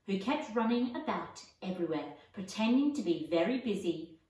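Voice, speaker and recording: A woman reading a children's storybook aloud in a gentle, expressive way. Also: mid-range voice. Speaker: audiobook reader. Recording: echoey, distant mic.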